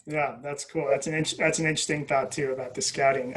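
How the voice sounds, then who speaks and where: A man's voice: medium pitch, little pitch movement, quick pace, a bit bright, echoey room, rough recording. A man hosting a casual interview, upbeat with laughing asides.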